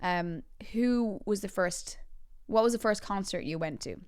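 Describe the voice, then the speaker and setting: A woman around thirty, hosting a podcast with bubbly, giggly storytelling and quick tangents. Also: mid-range voice, darkish tone, clear, resonant tone, no room sound, studio quality. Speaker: podcast host. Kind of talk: casual chat.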